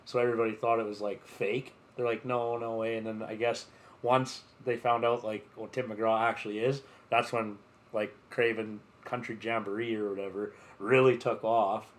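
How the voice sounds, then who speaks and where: A man's voice: lowish voice, flat delivery, moderate pace. A man co-hosting a podcast, telling a festival story in a rambling, filler-heavy way with plenty of swearing. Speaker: podcast co-host. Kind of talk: casual chat.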